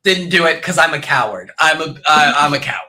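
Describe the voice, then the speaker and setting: A young man guest on a podcast, telling animated stories about his time on a reality show and laughing often. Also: a little high, brisk. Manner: animated storyteller who acts out quotes and laughs often. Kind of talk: casual podcast chat.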